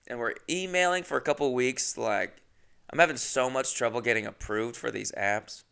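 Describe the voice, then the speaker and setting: A man spins a rambling comic story in a gravelly voice with frequent fry. His tone is bright and crisp, and his talk is loose, profane and self-mocking. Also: mid-range voice, normal speed. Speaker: podcast host.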